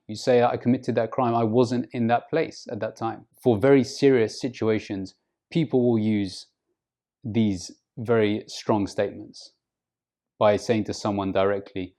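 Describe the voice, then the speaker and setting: A man giving an English lesson to camera, speaking slowly and deliberately and acting out example phrases with exaggerated rises and falls in pitch. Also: steady tone, warm tone. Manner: slow, deliberate teaching, models phrases with exaggerated intonation. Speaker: English teacher.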